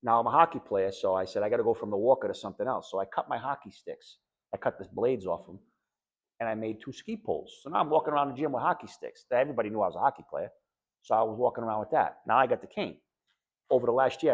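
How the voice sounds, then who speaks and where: A middle-aged man telling a group about his recovery after a lung transplant, animated, jumping between loud joking and quiet earnest talk, often repeating words. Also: on the low side. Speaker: lung transplant patient speaking to patients. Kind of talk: personal story told to a group.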